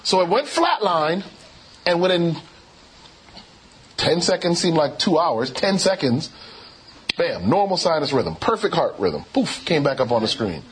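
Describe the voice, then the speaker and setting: A man's voice: a little high, very animated, normal speed, slight background noise, rough recording. A man preaching a sermon as both preacher and physician, telling a personal story and acting out the quoted dialogue.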